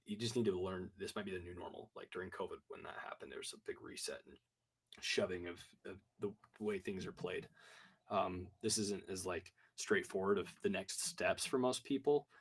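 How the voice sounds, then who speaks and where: Low-voiced guy on a video call, rambling and restarting a lot. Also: fairly even intonation, normal speed, breathy edge. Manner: rambling, frequent restarts and fillers. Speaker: co-host. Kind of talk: casual video call chat.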